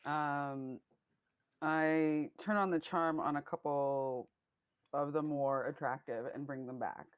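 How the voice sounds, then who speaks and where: A woman's voice: low-pitched, steady tone, takes it slowly, clean tone, dull audio. A woman playing a tabletop game, talking casually with many fillers. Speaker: player.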